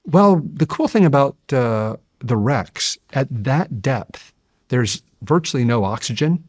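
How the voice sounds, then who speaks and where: A man in his fifties, a guest on an interview show, telling stories in a measured, earnest way and building to animated passages. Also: medium pitch, dry recording, studio quality. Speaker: guest, deep-sea explorer. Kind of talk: conversational interview storytelling.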